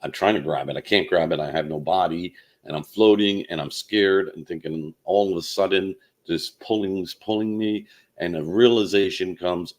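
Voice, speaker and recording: A man telling a personal story in a halting way, with many fillers and restarts. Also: deep voice, fairly even intonation. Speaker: channel host.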